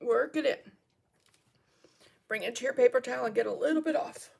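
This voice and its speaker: Middle-aged woman with some fry in her voice, a chatty painting teacher guiding viewers through a live lesson. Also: a little high, brisk, a little mellow. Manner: chatty, greets viewers and coughs and laughs between steps.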